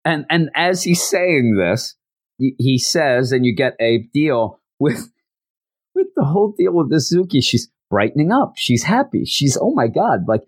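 A man in a casual recap, telling a story animatedly and stumbling over his words as he goes. His pitch leaps around expressively, and the sound is dry and close with no room echo. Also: unhurried, husky. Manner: animated storytelling, frequent stammers and restarts.

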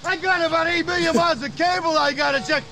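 An actor playing a gruff man posing as a street worker, with a put-on New York accent and a brash, blustering manner, over traffic. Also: extremely high pitch, fairly even intonation, quick pace, a faint crowd, heavily acted. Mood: indignant. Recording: loud street and traffic noise.

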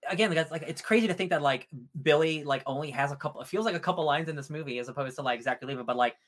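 A man's voice: fairly high pitch, very fast, fairly bright tone. A man co-hosting a podcast, rambling loosely about a film and leaning heavily on "like" as a filler. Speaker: podcast co-host. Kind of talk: casual movie review chat.

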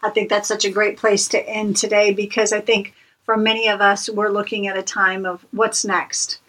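A woman's voice: medium pitch, little pitch movement, normal speed, a bit bright, distant mic, low-quality recording. A woman co-hosts a devotional podcast and talks in an earnest, preacherly way, leaning on repeated phrases for emphasis. Her voice sits a little back from the mic. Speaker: podcast co-host. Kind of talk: encouraging devotional talk.

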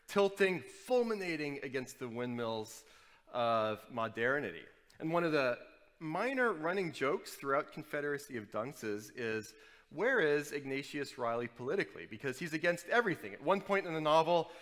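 A man from New Orleans preaching a sermon, with animated storytelling and wry asides. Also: a little high, in a large hall. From New Orleans, USA. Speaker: pastor.

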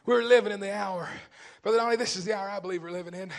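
A man from East Tennessee, preaching a fervent sermon that swings between shouting and a low, intense voice. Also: very fast.

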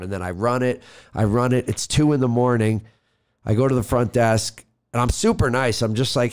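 A man's voice: medium pitch, normal speed, a little mellow, clear, resonant tone. A man co-hosting a podcast, telling a long story in casual chat, acting out the people in it and swearing freely. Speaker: podcast co-host.

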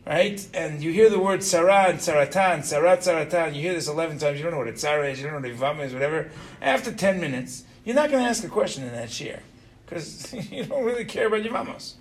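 A middle-aged man teaching an informal religious lesson to students. He is animated, keeps quizzing the class and tags his points with "right?". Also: fairly high pitch, quick pace.

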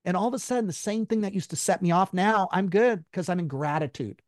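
A man, a guest in an interview, telling a personal story in an emphatic, high-strung way and swearing freely. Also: fast, no echo, studio quality.

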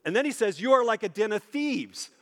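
High-voiced preacher in a reverberant hall. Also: male voice, lively intonation, a bit bright. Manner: emphatic, repeats phrases for stress, drops low and slow on key points. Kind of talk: sermon.

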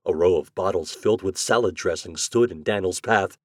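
A man narrating an old holiday story aloud in an expressive, lively manner. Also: low voice, a little fast, dry recording, studio quality. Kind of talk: storybook reading.

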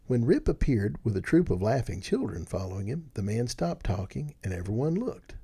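A man narrating a storybook in an expressive, animated reading. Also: mid-range voice, moderate pace, slightly rough.

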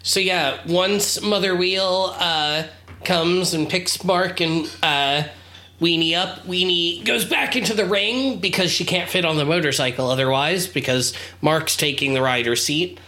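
A podcast co-host in casual chat, recapping a show in an unhurried way with short agreeing replies. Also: medium pitch, bright, forceful tone.

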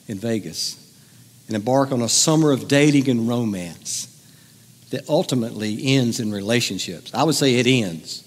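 Middle-aged male pastor, playful conversational sermon delivery, mid-pitched voice, reverberant hall sound. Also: lively intonation, moderate pace. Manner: joking, conversational, teasing the audience. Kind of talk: humorous sermon to a congregation. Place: church hall with audience.

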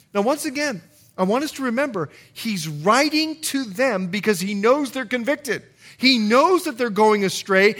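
A middle-aged man, a pastor, preaching a sermon in an animated way, now and then acting out short exchanges in a low growl. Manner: animated, acts out dialogue with sudden drops to a low growl.

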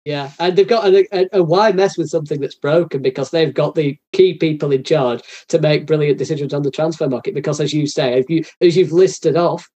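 Guy hosting a football podcast, kinda high voice, rambles and repeats himself. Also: fairly even intonation, a little fast, hardly any pauses, warm tone. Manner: rambling, repeats words while thinking aloud. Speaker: podcast host. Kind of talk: casual football chat.

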